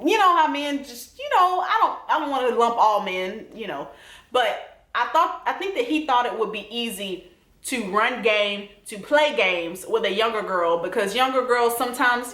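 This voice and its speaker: A woman's voice: a little high, a bit bright. A young woman with a Southern accent, chatting sassily to viewers in a casual TV recap. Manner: sassy, chatty, addresses viewers directly. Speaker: TV recap vlogger. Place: home room. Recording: roomy home echo.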